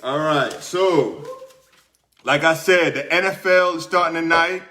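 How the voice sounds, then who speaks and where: A man's voice: on the high side, unhurried, sharp tone, slight background noise. A young man hosting his show in a small room, telling a casual story and then going over his sports picks, chatty and repeating himself as he talks to viewers. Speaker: podcast host. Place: small room under hot studio lights.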